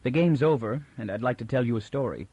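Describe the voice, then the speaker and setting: A man voicing a calm, controlled mutant villain who speaks tolerantly and with quiet menace. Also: fairly low pitch, moderate pace, slightly rough, no room sound, lo-fi sound. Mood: calm commanding.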